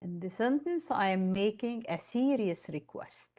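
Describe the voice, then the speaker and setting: A woman teaching English, slowly repeating key words and switching into Arabic to explain them. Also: on the high side, expressive. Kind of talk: recorded lecture. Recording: dull lo-fi lecture recording.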